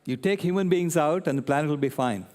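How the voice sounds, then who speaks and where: Older guy giving a talk, lively storyteller, kinda high voice, echoey hall. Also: fast talker. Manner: animated storyteller, checks in with "right?" and "okay?". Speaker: guest speaker. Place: convention centre hall. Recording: long reverb in a large hall.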